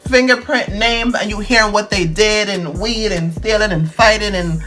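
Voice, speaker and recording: A man's voice: high-pitched, normal speed, pushed and bright, soft background music. A man, telling a dramatic, slang-heavy storytime on his vlog. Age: 20s. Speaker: vlogger.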